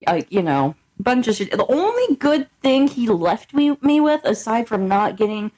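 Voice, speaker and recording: A young woman chats bluntly on a podcast and swears without a second thought. Her pitch swings widely as she acts out the people in her stories. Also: sing-song, moderate pace, darkish tone. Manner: blunt, swears freely, acts out quoted exchanges. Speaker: podcast co-host. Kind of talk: casual chat.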